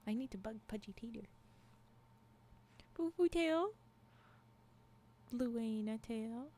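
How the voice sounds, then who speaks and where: This woman streamer has a somewhat high, mellow voice and takes her time, leaving long pauses, with slight background noise. She chats casually, reads a story aloud, and giggles and exclaims in reaction to chat.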